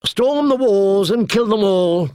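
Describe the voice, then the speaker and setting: A man's voice: very high voice, animated, takes it slowly, fairly bright tone, no room sound, studio quality, pitched above the performer's own voice, exaggerated voice. A man doing a bored, haughty knight. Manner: bored, lofty, commanding. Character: languid, arrogant male knight.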